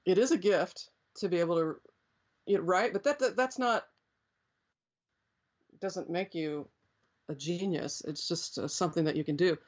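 A woman's voice: lowish voice, normal speed, pauses often. Woman telling stories, rambling with fillers. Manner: rambling, many fillers and restarts. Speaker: interview guest. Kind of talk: reflective storytelling. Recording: dull lo-fi sound.

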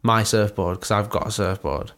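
A man's voice: lowish voice, steady tone, moderate pace, a bit bright. A young man co-hosting a podcast, telling a story in a rambling, sweary, laughing way. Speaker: podcast co-host. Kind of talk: casual chat.

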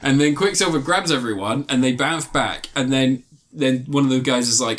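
A man's voice: mid-range voice, moderate pace, hardly any pauses, a bit bright. A man animatedly recapping a film in casual chat, swearing and laughing often.

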